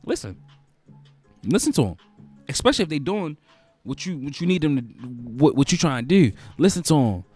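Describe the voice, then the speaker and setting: A man's voice: on the high side, big pitch swings, moderate pace, long pauses, darkish tone, husky, soft background music. A male host giving advice in a casual, preachy monologue, repeating phrases for emphasis.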